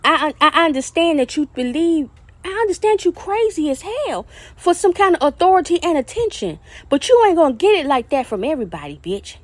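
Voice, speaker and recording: High-voiced, profane woman ranting. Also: sing-song, a little fast, dry recording. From South Carolina. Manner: profane, confrontational, insulting. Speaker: podcast host. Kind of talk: angry solo podcast rant.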